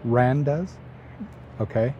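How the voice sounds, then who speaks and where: A man's voice: medium pitch, takes it slowly, dark tone, muffled recording, a little hiss or hum. A middle-aged man hosting a podcast chat with his son, answering in short reactive interjections. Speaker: podcast host, father. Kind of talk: casual chat.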